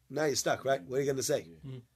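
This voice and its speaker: A man giving a weekly Torah lesson as an animated storyteller who acts out dialogue. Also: medium pitch, normal speed, slightly rough. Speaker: Torah teacher.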